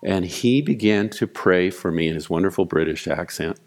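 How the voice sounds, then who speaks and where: Animated male pastor preaching. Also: low-pitched, normal speed. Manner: animated storytelling, reads scripture aloud. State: weeping, choked voice in retold prayer. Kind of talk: sermon.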